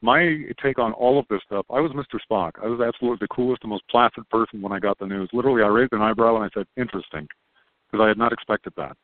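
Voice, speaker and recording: Man, podcast guest, calm explaining, tinny phone-line sound. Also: fairly low pitch, racing, few pauses, dry recording. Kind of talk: casual podcast conversation.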